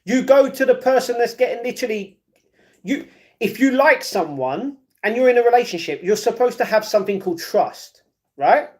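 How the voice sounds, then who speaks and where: With a very high, expressive voice at a moderate pace, this streamer chats casually while reading viewer comments. He keeps giving his audience the same blunt advice over and over.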